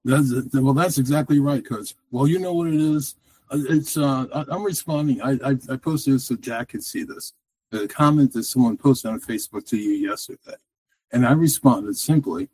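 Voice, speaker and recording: Male caller, dark husky tone, rambling and restarting, casual. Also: mid-range voice, normal speed, no echo. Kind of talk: casual call-in chat.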